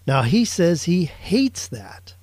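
A man's voice: fairly high pitch, very animated, slow pace, darkish tone, dry recording. Chatty man hosting a podcast. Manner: chatty, reads listener questions. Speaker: podcast host. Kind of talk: solo podcast talk.

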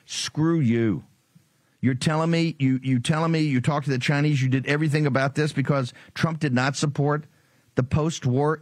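A man's voice: mid-range voice, dry recording. Man ranting on his political show, sarcastic and taunting, dry close mic. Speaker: political talk show host. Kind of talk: combative political monologue.

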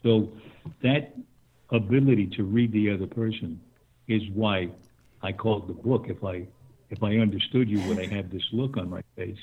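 Older guy on a phone interview, lowish husky voice, thinks out loud, chuckles, tinny line. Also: moderate pace. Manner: thoughtful, chuckling, with restarts. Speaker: guest. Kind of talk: conversational interview.

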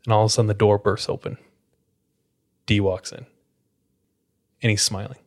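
A podcast host with a fairly low voice speaks at a moderate pace while casually sharing a spooky account. "Like" fills his relaxed storytelling.

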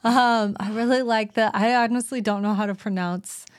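A woman's voice: a little high, steady tone, normal speed. A woman co-hosting a casual podcast, speaking in a light, playful way and laughing easily. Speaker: podcast co-host.

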